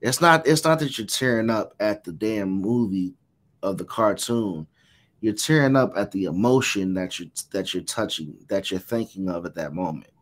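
A man's voice: fairly low pitch, normal speed. A man in his thirties in casual chat, easygoing and reassuring. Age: 30s.

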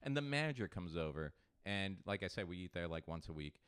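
A man hosting a podcast in casual chat. He is an animated storyteller who swears freely and acts out what people said. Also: sits low, fairly quick, smooth. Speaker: podcast host.

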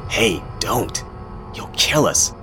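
A man playing a frightened young guy, hushed, nervous, music underneath. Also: on the low side, very animated, slow pace, voice pushed up, exaggerated voice.

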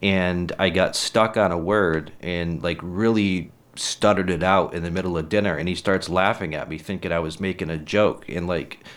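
A man's voice: low-pitched, steady tone, normal speed, few pauses. A middle-aged man telling personal stories in a casual, rambling, frank way, often saying "literally.". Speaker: storyteller.

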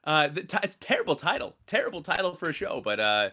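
A man's voice: fairly high pitch, huge pitch swings, fast talker, pushed and bright, lo-fi sound. A man chatting casually as a podcast co-host, rambling with many fillers and restarts. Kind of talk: casual chat.

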